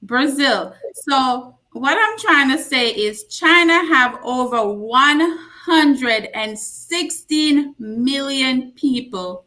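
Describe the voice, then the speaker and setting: A woman in her forties from Jamaica, a nurse practitioner giving a casual health talk, telling stories with emphatic repeats. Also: high-pitched. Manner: slow, warm storytelling with emphatic repeats. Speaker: guest speaker, nurse practitioner.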